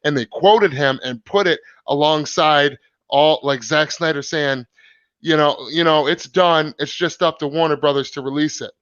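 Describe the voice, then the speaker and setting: A man's voice: on the high side, normal speed, a bit bright, dry recording, dull audio. A man hosting a casual live stream, reading comments and rambling with many fillers and restarts.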